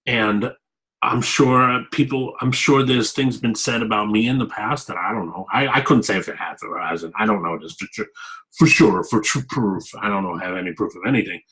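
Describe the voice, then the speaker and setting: A man's voice: on the low side, moderate pace, sharp tone, low-quality recording. A man being interviewed about his work as a fitness coach, talking candidly and rambling, often repeating himself. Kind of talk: casual interview talk.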